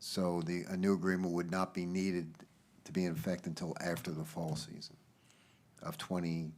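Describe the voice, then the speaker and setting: A city attorney, a man with a very low and flat voice, lays out the terms carefully and precisely. His delivery stays even and measured. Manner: careful, clarifying.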